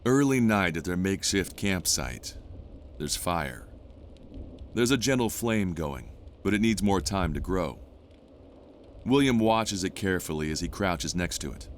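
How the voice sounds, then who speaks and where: Deep-voiced male drama narrator. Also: expressive, a little hiss or hum. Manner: measured, descriptive. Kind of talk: scripted narration of an audio drama.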